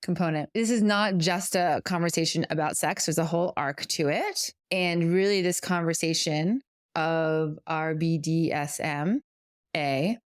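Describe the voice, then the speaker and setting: A middle-aged woman co-hosts a casual podcast in a fairly low voice. She speaks earnestly and reflectively, working through her ideas at length and correcting herself as she goes. The sound is close and dry. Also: no echo. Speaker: podcast co-host.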